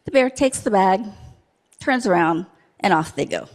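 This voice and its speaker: A woman's voice: medium pitch, lively intonation, moderate pace, long pauses. A woman in a church service telling a playful story to children, asking them questions as she goes. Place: church sanctuary.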